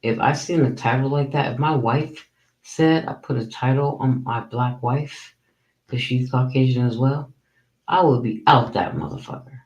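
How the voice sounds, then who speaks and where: A man's voice: mid-range voice, moderate pace, darkish tone, reverberant, lo-fi sound. A man hosting a commentary channel, ranting in a profane, incredulous way and saying he is tired.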